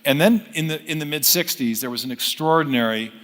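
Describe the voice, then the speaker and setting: A man's voice: a little high, brisk, fairly bright tone. A man with a slightly raised voice lectures, building his explanation step by step, often breaking off to correct himself and restart. The recording carries the long reverb of a lecture hall. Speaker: philosopher of science giving a talk. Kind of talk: unscripted lecture storytelling.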